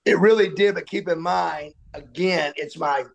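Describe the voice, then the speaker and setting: A man's voice: fairly high pitch, moderate pace, creaky. A man speaking as an interview guest, telling a long personal story in a rambling way with frequent restarts. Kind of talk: candid interview talk.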